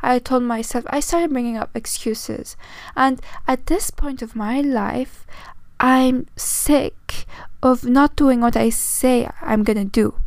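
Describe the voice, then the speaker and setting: A woman's voice: high-pitched, slow, darkish tone, no echo. A woman of twenty with a non-native English accent, hosting a casual solo podcast, tired and rambling with self-mocking asides. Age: 20s. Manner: rambling, self-mocking, with restarts and frequent "okay?". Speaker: podcast host.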